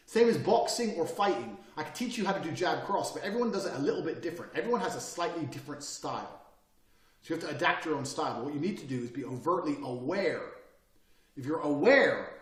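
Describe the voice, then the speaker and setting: A man teaching a course on body language and speaking, brash and profane, pushing his points hard and mocking people who hesitate. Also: fairly high pitch. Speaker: online course presenter. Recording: roomy echo, mic at a distance.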